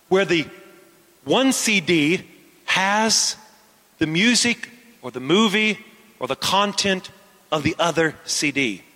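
Man, pastor, sermon, high voice, bright tone, questions thrown out to the congregation. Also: big-room sound. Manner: preaching with call-and-response questions to the congregation. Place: church.

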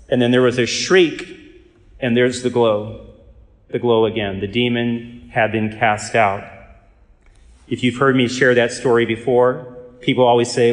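A man, a Catholic priest and exorcist, giving an earnest, measured storytelling talk with touches of dry humor. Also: medium pitch, steady tone. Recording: echoey hall reverb.

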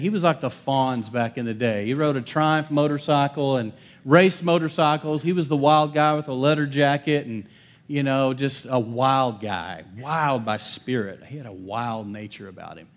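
A male pastor preaches to his church in an emphatic sermon voice of ordinary pitch. He calls out for amens from the congregation and moves between ringing declarations and quiet, hushed lines. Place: church service.

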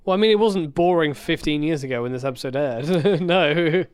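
A man co-hosting a casual podcast, playful and quick to laugh while watching a TV episode. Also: on the high side, clear, resonant tone, no echo. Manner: laughing, playful, does silly impressions. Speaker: podcast co-host.

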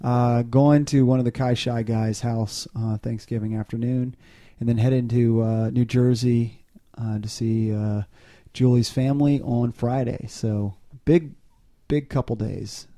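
A young man hosts a casual podcast with a mellow, dark-toned voice. He reads news items and chats in a relaxed, halting way, full of fillers. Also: medium pitch. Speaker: podcast host.

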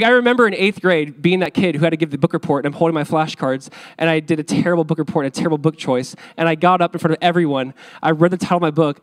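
A man in his thirties preaching a sermon as pastor, conversational and animated, with repeated phrases. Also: sits high.

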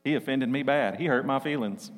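A man pastor preaching a sermon, lively and laughing often as he mimics voices. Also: medium pitch, brisk. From South Arkansas. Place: church sanctuary. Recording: long reverb of a church hall.

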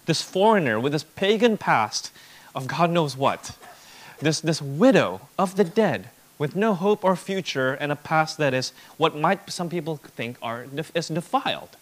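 A man preaching an expository sermon, emphatic, building points through rhetorical repetition. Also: on the high side.

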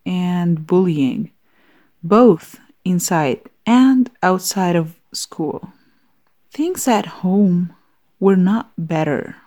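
A woman slowly reading a personal written apology to herself. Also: mid-range voice, dark tone. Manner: slow, deliberate reading. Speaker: contributor reading her apology.

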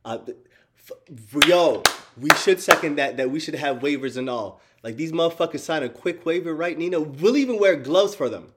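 A man in casual chat with his viewers, animated and profane, laughing often and calling them y'all. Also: fairly high pitch, moderate pace, heavy background noise. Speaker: streamer talking to chat.

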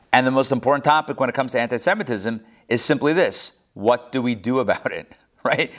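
A middle-aged man teaching a class, telling jokes and asking his listeners questions as he goes. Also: a little high. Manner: animated storyteller, joking and asking the class questions. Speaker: class instructor. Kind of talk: lecture with jokes to a live class.

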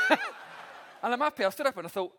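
A man preaching a sermon to a church meeting, animated and self-deprecating, often breaking into laughter. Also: very high voice, racing, slight background noise.

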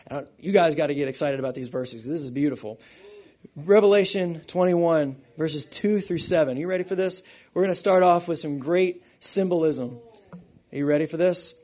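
A man preaching a sermon to a church congregation, swinging from hushed, quiet stretches to loud, fervent peaks. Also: on the high side. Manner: impassioned, building from hushed to loud. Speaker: pastor.

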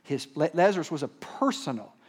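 A male pastor preaching a sermon in a conversational way, tossing in "right?" and "okay?", swinging between emphatic rises and quiet, slowed drops. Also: fairly high pitch, lively intonation, slightly rough. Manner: conversational preaching with rhetorical asides and repeated "right?".

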